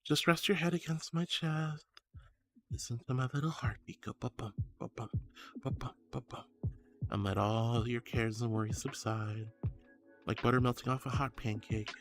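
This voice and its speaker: Gentle angel, whispered role-play, slow and tender, played by a man. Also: medium pitch, soft background music, voice pushed down, lightly acted. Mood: soothing. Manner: soft, hushed, slow. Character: soothing gentle angel giving a hug.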